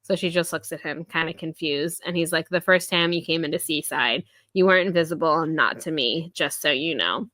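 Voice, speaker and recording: Chatty millennial woman, bright dry voice. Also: low voice, no room sound. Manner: chatty, filler-heavy, laughs often, paraphrases scenes in quick voices. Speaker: podcast co-host. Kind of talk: casual book-review chat.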